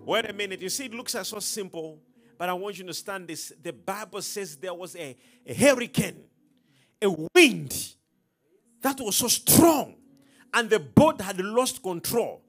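A man preaching a sermon in an emphatic, preacherly style, calling out questions to the congregation and swinging between loud and soft. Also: high voice, lively intonation, normal speed. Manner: emphatic, preacherly call-and-response, dramatic swings in loudness.

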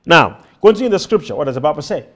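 A man's voice: a little high, very animated, fast talker. A man preaching a sermon to a congregation, repeating his phrases and firing questions back at the crowd. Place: church before a congregation.

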